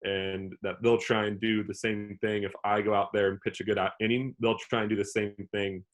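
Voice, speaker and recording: A man in his twenties, a pitcher, answering interview questions in a loose, rambling way full of "like". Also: level tone, a little fast. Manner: rambling, heavy use of "like" as filler. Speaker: relief pitcher, interview guest. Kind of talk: casual interview talk.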